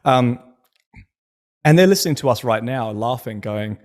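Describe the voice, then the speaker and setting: A man hosts a relaxed conversation and tells stories with enthusiasm. He often drifts into playful tangents before finding his way back. His voice sits in an ordinary middle pitch. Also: moderate pace, pauses often. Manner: enthusiastic storyteller, goes off on tangents. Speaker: podcast host. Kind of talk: casual conversational interview.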